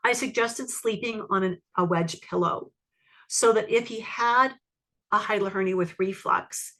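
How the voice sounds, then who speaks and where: Brief: woman educator, lively webinar teaching, frequent audience check-ins. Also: mid-range voice, a little slow. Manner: animated, asks the audience questions. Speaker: iridology educator. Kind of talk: webinar teaching with case story.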